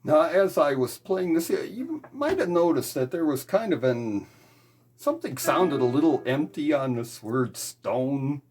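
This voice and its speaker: A man's voice: a little high, big pitch swings, a little slow, darkish tone. A man teaching a guitar lesson on hymn chords, explaining patiently step by step.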